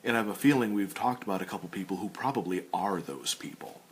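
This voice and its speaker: A man hosting a casual chat while sketching, ranting with animated stammered restarts. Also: low-pitched, fast talker, slight background noise.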